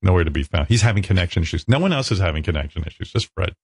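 A man's voice: sits low, very fast, slightly rough, no echo. A man hosting a radio show, telling stories in a casual, joking way with some swearing. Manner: joking, profane, animated storytelling. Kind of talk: casual chat.

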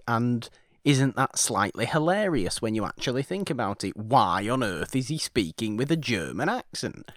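A man with a lowish voice co-hosts a casual film podcast. He talks slowly and drawls, with a wry, playful edge. The sound is dry and close, with almost no room in it. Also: big pitch swings, dry recording. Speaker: podcast co-host.

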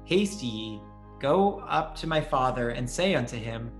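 A man reading old scripture aloud in a measured, deliberate way, then trading jokes in casual chat as a podcast co-host. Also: mid-range voice, animated, soft background music.

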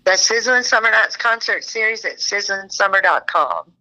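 Bubbly older Texan woman, bright voice. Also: mid-range voice, animated, moderate pace, rough recording. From Texas. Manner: bubbly, laughs often, Southern drawl. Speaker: guest author. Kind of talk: casual interview chat.

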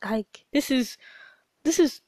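Woman podcast host, upset after crying, venting in a fairly high voice with broken sentences, dry close mic. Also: takes it slowly, warm tone, no room sound. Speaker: podcast host and small business owner. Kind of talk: personal diary podcast monologue.

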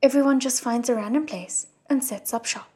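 A woman voicing a gruff, greedy old male scam cultivator in a storybook reading, quarrelsome and scornful. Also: a little high, fairly quick, mellow, soft background music, close to an everyday voice.

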